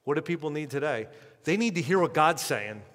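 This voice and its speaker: A male pastor delivering an impassioned sermon, with sudden shifts in loudness and pace. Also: a little high, animated, a little fast, long reverb tail. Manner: impassioned preaching with sharp swings in loudness and pace.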